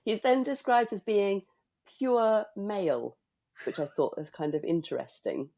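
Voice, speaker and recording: A woman's voice: mid-range voice, big pitch swings, measured pace, creaky, dark tone, dull audio. A woman co-hosting a book club podcast, chatting casually with wry, playful asides. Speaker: podcast co-host.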